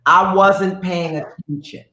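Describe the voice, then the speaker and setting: A woman guest telling stories in a casual interview, in a brassy, profane, animated way that slips into sung phrases. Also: fairly low pitch, slow pace. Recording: roomy echo with faint piano.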